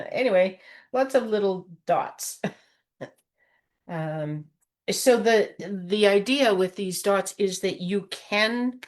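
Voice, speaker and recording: Woman, slightly low pitch, friendly rambling craft tutorial, home craft room. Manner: rambling and friendly, frequent fillers and chuckles. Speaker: card-making instructor.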